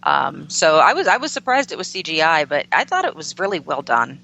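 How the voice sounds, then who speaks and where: A woman joins a movie podcast as a guest, speaking in a measured, soft-spoken way with small hesitations. Her voice has a bright, tense edge and sits a little low. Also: very animated, gravelly. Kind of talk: casual chat.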